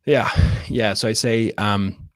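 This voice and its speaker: A man's voice: fairly low pitch, fairly even intonation, slow, dry recording, studio quality. A man, a real estate wholesaler, explaining in casual interview talk how he makes sales calls, acting out sample lines and asking "right?" again and again. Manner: acts out sample phone scripts, says "right?" often.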